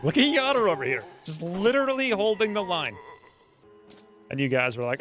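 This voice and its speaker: A man streaming a strategy game, talking excitedly over the play and crying out when his fighters get hit. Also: high voice, normal speed, faint music behind. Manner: animated, yelps and cries out at hits. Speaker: gameplay streamer. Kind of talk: excited gameplay commentary.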